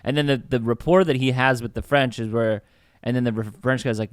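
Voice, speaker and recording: A man co-hosting a casual film podcast, excitedly acting out scenes with swooping pitch and casual swearing. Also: a little fast, smooth, no room sound, studio quality. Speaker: podcast co-host. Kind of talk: casual film review chat.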